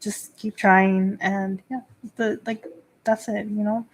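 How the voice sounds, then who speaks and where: This priestess, a woman in her thirties, takes things slowly with a flat delivery in a medium-pitched voice. She hosts a casual livestream as a Shinto priestess, chatting with viewers in a filler-heavy way and laughing a lot.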